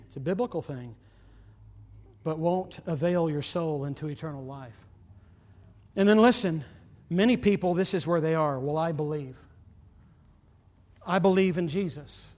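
A man preaching a sermon, earnest and urgent, swinging between loud emphasis and hushed, quiet lines. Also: fairly high pitch, big-room sound.

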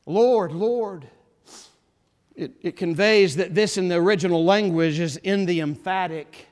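A man preaching a sermon as pastor, impassioned, repeating phrases and building to forceful emphasis. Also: high voice.

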